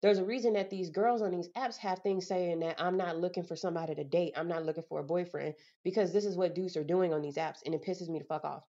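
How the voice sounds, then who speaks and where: A woman's voice: on the low side, steady tone, quick pace, few pauses, mellow. A young woman vlogging, venting bluntly and with exasperation, full of casual slang. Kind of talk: candid vlog monologue. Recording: slightly dull lo-fi audio.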